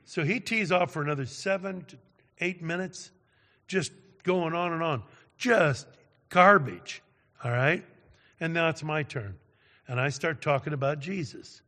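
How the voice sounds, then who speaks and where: A male preacher tells his story in a slow, deliberate sermon, his somewhat high voice bright and forceful. He leans on dramatic pauses and keeps checking in with his listeners. Long reverb hangs behind him in a large hall. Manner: dramatic storyteller, tags lines with "all right?".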